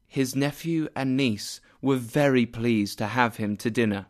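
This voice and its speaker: A man reading a simplified classic story aloud as narrator, slow and measured. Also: mid-range voice, expressive.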